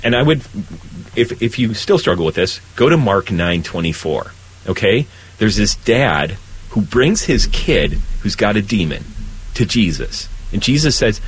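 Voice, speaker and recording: At a moderate pace and with a breathy edge, a male priest discusses faith in a conversational spiritual talk. He's earnest and animated, his voice rising when stirred, and the audio quality is poor.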